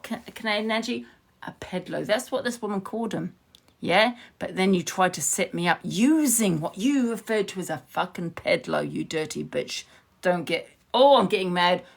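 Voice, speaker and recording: A woman rants into her phone on a live stream, heated and confrontational, swearing as she goes. Her voice sits mid-pitch with a gravelly fry. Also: normal speed. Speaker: livestreamer. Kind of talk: ranting live stream to viewers.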